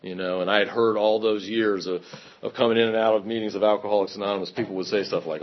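A man candidly telling his own recovery story in a conversational testimony, pausing often. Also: fairly low pitch, steady tone, lo-fi sound, a little hiss or hum. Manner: candid, conversational, many fillers and pauses. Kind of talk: personal testimony talk.

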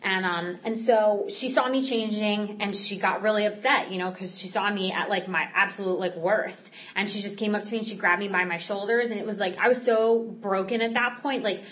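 Earnest woman with halting, filler-heavy speech. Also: medium pitch, steady tone. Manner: halting, frequent fillers and restarts; earnest, candid. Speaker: speaker sharing a recovery story. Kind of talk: personal recovery testimony. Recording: slightly dull, muffled recording.

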